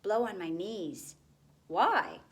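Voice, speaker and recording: A woman's voice: medium pitch, big pitch swings, slow. A woman voicing a determined young girl speaking earnestly. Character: brave young girl Dakin climbing.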